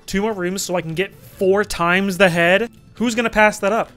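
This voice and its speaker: High, bright-voiced young man gaming. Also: normal speed, faint music behind. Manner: excitable, jokey, swearing, sudden shouts. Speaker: gaming commentator. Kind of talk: let's play commentary.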